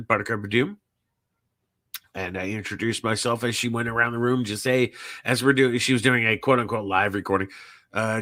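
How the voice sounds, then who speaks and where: A man's voice: on the low side, pushed and bright, no room sound. A man hosting his podcast, talking casually and rambling, with lots of fillers and swearing. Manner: rambling, profane, full of fillers. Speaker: podcast host. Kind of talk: casual live-streamed farewell talk.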